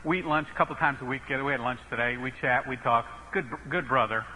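A middle-aged man from the northeastern United States, a Baptist preacher telling an animated, emphatic story in a sermon with self-mocking humor. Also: medium pitch, quick pace, slight background noise, poor audio.

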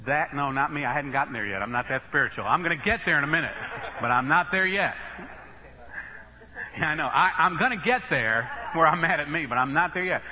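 A middle-aged man from the northeastern United States, a Baptist preacher telling an animated, emphatic story in a sermon with self-mocking humor. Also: fairly high pitch, quick pace, low-quality recording.

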